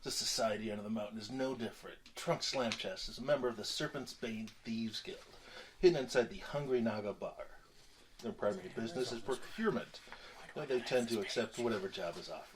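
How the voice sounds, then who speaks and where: A man's voice: on the low side, a little fast. Man reading over a hissy mic. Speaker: tabletop game player. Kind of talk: reading his character's backstory. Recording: hissy home recording.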